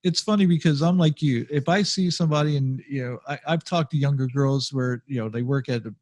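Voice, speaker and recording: A man's voice: mid-range voice, fairly quick, darkish tone, dry recording. Blunt, opinionated man on a podcast. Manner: blunt, opinionated, laughs along. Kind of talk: casual chat.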